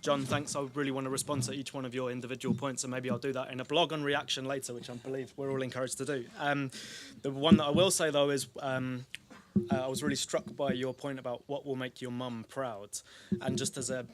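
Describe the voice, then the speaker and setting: A man's voice: mid-range voice, a bit bright, slight background noise. A man giving a public talk, telling a story in a candid, self-deprecating way. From North London. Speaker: speaker at an ideas festival.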